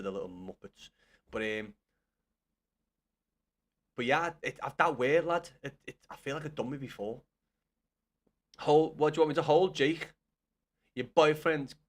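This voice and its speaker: A young man chatting on a gaming livestream, answering his chat with blunt, sweary banter. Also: medium pitch.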